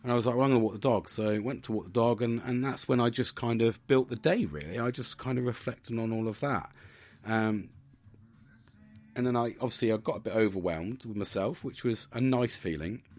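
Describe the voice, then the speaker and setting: A man's voice: mid-range voice, brisk, a little mellow. A man, the host of a podcast, talking through a casual reflective monologue, chatty and swearing freely, often asking "do you know what I mean".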